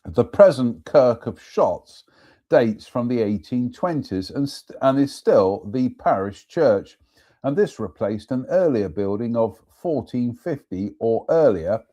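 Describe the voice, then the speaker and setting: A man's voice: medium pitch, lively intonation, unhurried, warm tone. A man hosting a live stream, reading ghost stories aloud and chatting with self-mocking asides.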